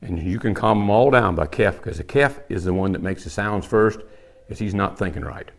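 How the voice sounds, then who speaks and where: A man's voice: fairly low pitch, normal speed, vocal fry, slight background noise. An older man with a folksy, plainspoken manner, teaching elk calling and demonstrating the calls as he talks. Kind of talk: hands-on calling tutorial.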